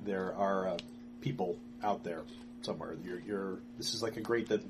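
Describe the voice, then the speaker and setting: A man narrating a tabletop game as game master, halting, with many fillers and restarts. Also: sits low, background noise.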